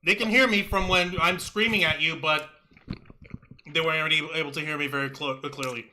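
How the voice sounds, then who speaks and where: Excitable male podcast co-host, piercing bright tone. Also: a little high, slight background noise, poor audio. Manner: excitable, profane, quick to shout and laugh. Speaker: wrestling review co-host. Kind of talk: casual podcast chat.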